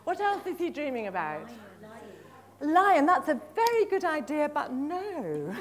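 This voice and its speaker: A middle-aged woman with a voice that sits high runs a live conference-room workshop for teachers, demonstrating how to tell stories with flashcards. She's lively and full of praise for the audience, drawing out words slowly each time she repeats them.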